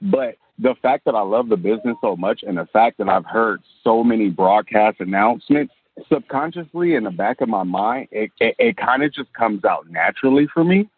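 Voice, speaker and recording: A man's voice: lowish voice, lively intonation, moderate pace, breathy edge. A man who is a professional wrestler and color commentator, chatting in a rambling interview with many fillers, heard over a phone line. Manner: rambling, laughs often, many fillers and restarts. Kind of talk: casual interview chat. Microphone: phone or call line. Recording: tinny dry phone-line sound.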